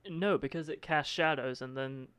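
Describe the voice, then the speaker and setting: A man's voice: fairly high pitch, moderate pace, a bit bright, clean tone. A man chatting casually on a podcast, joking and swearing, often laughing.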